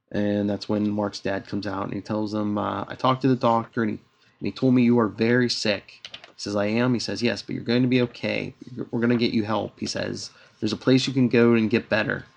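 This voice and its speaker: Podcast co-host, man, gravelly voice, loose chatty retelling full of fillers. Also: on the low side. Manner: retells scenes with filler "uh"s and quoted dialogue. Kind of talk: casual comic book recap.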